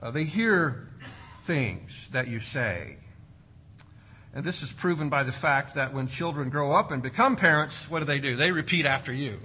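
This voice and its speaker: A man preaching a sermon, swinging between loud emphasis and hushed, quiet drops. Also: medium pitch, lively intonation, moderate pace, husky. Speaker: pastor.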